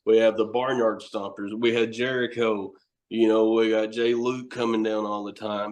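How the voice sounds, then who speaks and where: A man's voice: lowish voice, normal speed. A man talking as a podcast guest, telling rambling, profane stories and laughing often as he goes. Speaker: guest, wrestler and horror host. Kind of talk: casual podcast chat.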